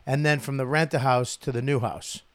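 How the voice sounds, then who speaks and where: A man's voice: medium pitch, brisk, dry recording. A man, a comedian telling a profane story in casual chat. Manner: profane, animated, loud storyteller. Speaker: guest comedian.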